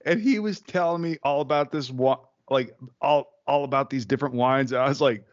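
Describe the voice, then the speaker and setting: Laughing frequently, a male podcast co-host tells anecdotes amid loose, profane banter. He talks at a moderate pace with few pauses in a mid-range voice. The audio sounds dull.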